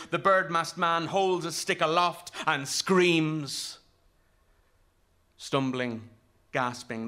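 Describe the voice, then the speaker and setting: A man narrating a literary story in a measured, vivid way, with rhythmic phrasing. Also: a little high, sharp tone.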